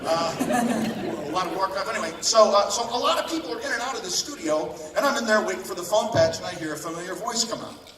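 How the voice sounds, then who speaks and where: A man's voice: high voice, lively intonation, fast, crowd noise. A man, a voice actor on a convention panel, telling rambling, chatty anecdotes with bits of laughter. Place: large convention panel room. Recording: echoey hall recorded from far off.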